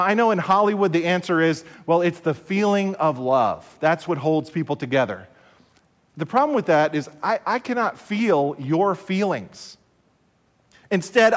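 A man preaching a broadcast sermon in a measured way, repeating key phrases and asking rhetorical questions. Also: high voice, big-room sound. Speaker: pastor.

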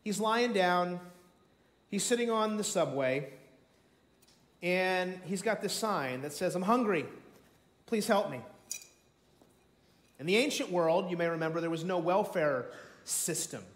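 Male pastor, high voice, theatrical storyteller, echoey sanctuary sound. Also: lively intonation, measured pace. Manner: dramatic storytelling, acts out voices, swings from shouts to near whispers. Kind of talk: sermon. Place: church sanctuary. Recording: echoey church room.

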